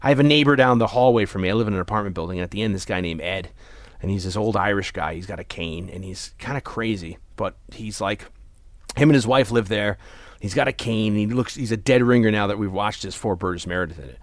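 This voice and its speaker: A man's voice: on the low side, quick pace, dry recording. Rambling young man, dry sound. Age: young adult. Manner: rambling storyteller with many restarts. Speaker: podcast host. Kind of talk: casual chat.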